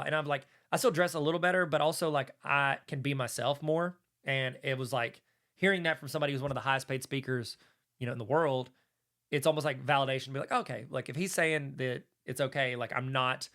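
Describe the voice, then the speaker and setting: A man hosting a casual solo commentary, rambling and self-deprecating in an animated way. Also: fairly high pitch. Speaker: host.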